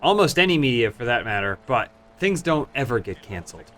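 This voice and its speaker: An American man co-hosting a podcast, speaking in a measured, hesitant way. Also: mid-range voice, sing-song, a bit bright. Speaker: podcast co-host. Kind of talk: casual podcast chat.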